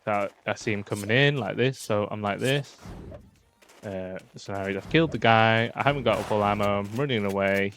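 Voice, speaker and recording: A man's voice: on the low side, noisy background. A man giving casual, chatty tips while talking over his own gameplay footage, full of fillers.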